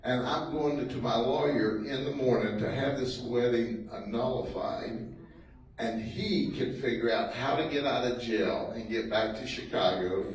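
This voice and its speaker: A man's voice: mid-range voice, unhurried, natural voice. A man voicing a furious young bride, his voice raised as he quotes her indignant message. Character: furious young bride, fed-up and sharp-tongued. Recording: echoey, distant, noisy room.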